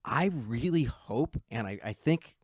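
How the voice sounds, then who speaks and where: A man's voice: medium pitch, lively intonation, measured pace, slightly rough, dry recording, studio quality. A man co-hosting a podcast, chatting casually and enthusiastically about a film, swearing freely and acting out lines from it. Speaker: podcast co-host.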